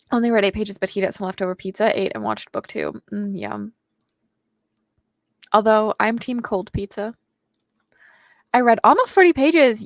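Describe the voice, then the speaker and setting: A woman's voice: medium pitch, no echo. A young woman hosting a casual reading livestream, reading viewer comments aloud and chatting back to them. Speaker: booktuber host reading chat aloud.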